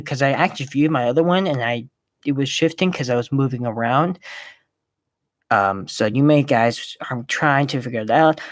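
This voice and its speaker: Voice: medium pitch, no room sound. A young gamer rambling in casual gameplay commentary, talking to himself and the audience, recorded close on a microphone.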